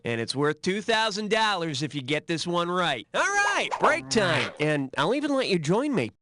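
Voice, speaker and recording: A man's voice: high voice, big pitch swings, normal speed, few pauses, a little hiss or hum. A man hosting a quiz game in a sarcastic, mocking way, swinging his voice up and down as he teases the players. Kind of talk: snarky game show hosting. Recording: loud music behind the voice.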